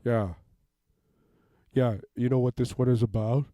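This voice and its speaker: Man, improvised comedy monologue, deadpan rambling, dark mellow voice, dry room. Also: medium pitch, measured pace, dry recording. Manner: rambling, deadpan, keeps asking "okay?". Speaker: comedic self-tape performer. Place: home basement.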